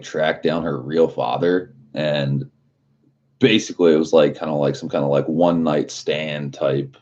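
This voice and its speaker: A man with an extremely low, deep voice talks in a loose, rambling way, packing his sentences with filler words and swearing. It sounds like casual live stream chat. The audio is dull and muffled. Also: darkish tone.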